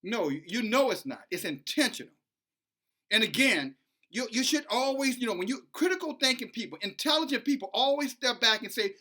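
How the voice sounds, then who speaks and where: A man's voice: very high-pitched, lively intonation, moderate pace, sharp tone. A middle-aged man giving emphatic, repetitive commentary in a preachy vlog. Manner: emphatic, repetitive, rising to heated. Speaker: online commentator.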